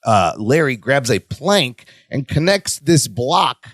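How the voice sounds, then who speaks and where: Podcast guy retelling a sitcom bit, really animated, dry mic, no room. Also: mid-range voice, takes it slowly, dry recording. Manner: animated retelling, acting out lines. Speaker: podcast co-host. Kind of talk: casual chat recapping a sitcom.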